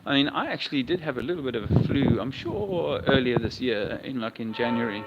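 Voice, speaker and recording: A man's voice: mid-range voice, lively intonation, fairly quick. A man chatting wryly and rambling as he livestreams on a walk outdoors. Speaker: livestream vlogger. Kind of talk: casual livestream chat while walking outdoors. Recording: dull lo-fi outdoor sound with faint noise.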